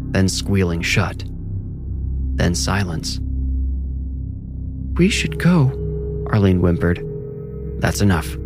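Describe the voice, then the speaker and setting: A man narrating a horror story in a measured, suspenseful way, with loud music behind. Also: sits low. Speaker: narrator and author.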